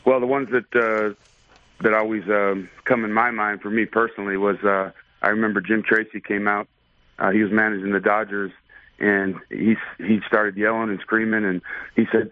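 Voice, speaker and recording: Low-voiced man on a phone line. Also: little pitch movement, moderate pace, dry recording. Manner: easygoing, thoughtful, many fillers. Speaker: baseball umpire, interview guest. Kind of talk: casual storytelling in a radio interview.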